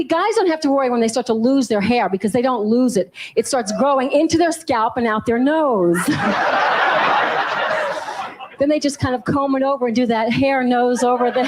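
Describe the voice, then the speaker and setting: Southern woman doing stand-up, noisy recording. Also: high voice. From New Orleans, USA. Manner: punchy joke delivery, laughing at her own lines. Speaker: stand-up comedian. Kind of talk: stand-up comedy set. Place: comedy club stage.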